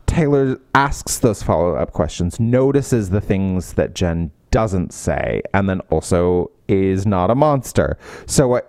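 Animated man chatting about a book. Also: on the low side, no room sound, studio quality. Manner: animated, acts out character quotes in lifted voices. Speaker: book podcast co-host. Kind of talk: casual book review chat.

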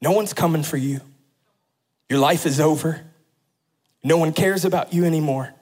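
A male preacher putting on a mocking enemy who sneers at a buried man and tells him to give up. The voice drops lower and quieter than his preaching, and the taunts are slow and scornful. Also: close to an everyday voice. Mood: taunting.

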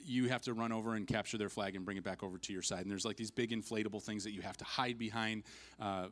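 A man's voice: fairly low pitch, fairly even intonation, fast, fairly bright tone. A man preaching a sermon as its pastor, telling a funny personal story with self-mocking humor and acting out what people said.

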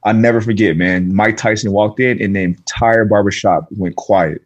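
A man in a casual podcast chat, telling a slangy story with slow emphasis. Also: on the low side, fairly even intonation, highs cut off.

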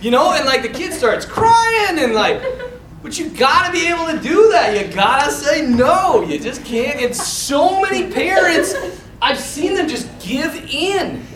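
Priest guy telling stories all animated, pitch jumping around, laughs a lot, echoey room, mic far off. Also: a little slow, background noise. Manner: animated storytelling, laughing often. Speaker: Catholic priest. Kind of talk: informal talk to a men's group.

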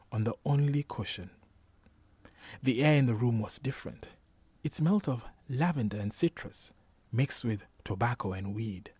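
Husky man with measured storytelling narration. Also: on the low side, dark tone, no room sound. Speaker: audiobook narrator. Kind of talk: scripted narration.

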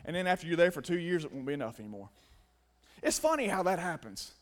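A young man preaching a sermon, emphatic, swinging between loud stresses and quiet asides. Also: a little high, very animated, fast.

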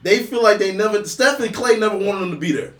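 High-voiced man insisting on his take. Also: quick pace, a bit bright, roomy sound. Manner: insistent storyteller, swears freely. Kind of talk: casual sports debate.

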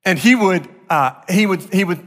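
Pastor, male, high and bright voice, animated delivery with vivid acted-out quotes, big hall reverb. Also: moderate pace. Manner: expressive, acts out quotes with sharp jumps in pitch. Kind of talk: sermon. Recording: long reverb of a large hall.

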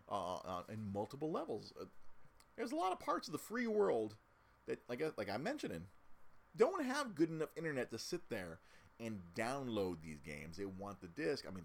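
Animated, low-voiced man ranting on a podcast. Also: creaky, slight background noise. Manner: animated, many stammered restarts. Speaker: podcast co-host. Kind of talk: casual podcast rant.

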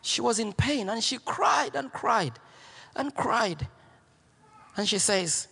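A man preaching as pastor, telling a story with repeated lines and swinging from hushed near-whispers to shouts. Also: high voice, slow, gravelly, husky, long reverb tail. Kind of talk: sermon.

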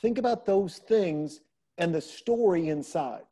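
Speaking at a measured pace in a high, husky voice, this middle-aged man recounts family anecdotes on a casual podcast. He's lively about it, doing the voices of the people he quotes, his daughter among them.

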